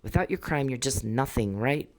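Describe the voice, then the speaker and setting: A woman's voice: extremely low pitch, animated, normal speed, darkish tone, no room sound. Blunt, heated woman podcaster who swears freely. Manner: blunt, profane, heated and repetitive. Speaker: podcast host. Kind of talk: casual monologue.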